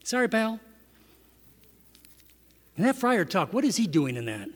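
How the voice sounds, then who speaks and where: A man's voice: sits high, very animated, measured pace, a bit bright, husky. A man preaching a sermon in a conversational way, asking his listeners rhetorical questions. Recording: echoey hall reverb.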